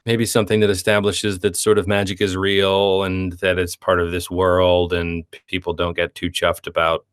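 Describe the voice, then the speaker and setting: A man's voice: low voice, normal speed, smooth. A man co-hosting a film review podcast, talking casually and acting out quoted lines in playful voices. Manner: animated, acts out quoted dialogue in playful voices. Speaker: podcast co-host.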